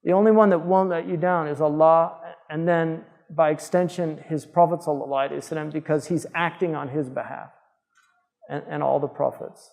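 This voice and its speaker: A man's voice: a little high, steady tone, fairly quick, creaky, darkish tone, big-room sound. A man, a scholar, giving an informal lecture in a conversational, digressive way with frequent fillers. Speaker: Islamic scholar teaching.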